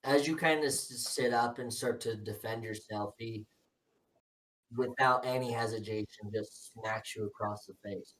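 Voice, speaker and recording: A man narrating a tabletop game as game master in a calm, matter-of-fact way. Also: medium pitch, unhurried, recorded from a distance, poor audio.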